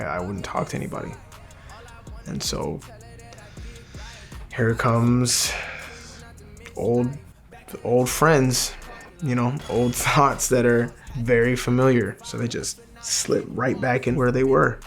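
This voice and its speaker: A young man telling his personal faith testimony in an earnest, halting way, often restarting his sentences. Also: medium pitch, vocal fry. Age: young adult. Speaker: testimony speaker.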